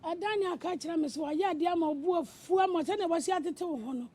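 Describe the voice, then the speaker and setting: A woman with a Ghanaian accent playing a mother who calmly urges patience in a comedy skit. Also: very high voice, brisk, slight background noise. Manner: soothing, urging patience. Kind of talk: comedy skit dialogue, mostly in Twi.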